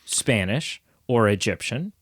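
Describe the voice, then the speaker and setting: A man's voice: fairly low pitch, expressive, fairly bright tone, breathy edge, dry recording. Guy cohosting a movie podcast, punchy and jokey, dead dry sound. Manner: emphatic, quick jokey banter with bursts of laughter. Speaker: podcast co-host. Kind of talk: casual movie review chat.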